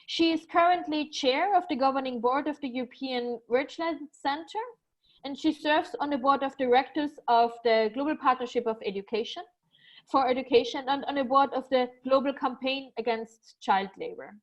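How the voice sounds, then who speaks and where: A woman moderates an online webinar and introduces the speakers, reading their bios with small slips and plenty of ums and uhs. Her voice sits high at a moderate pace, and the audio is poor.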